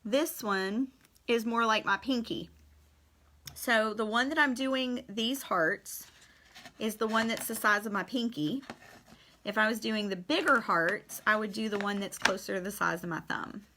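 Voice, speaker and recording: A woman's voice: mid-range voice, a little slow, sharp tone, a little hiss or hum. A woman in her thirties chatting through a live-streamed painting demo, friendly and casual, addressing her viewers as y'all. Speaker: painting teacher.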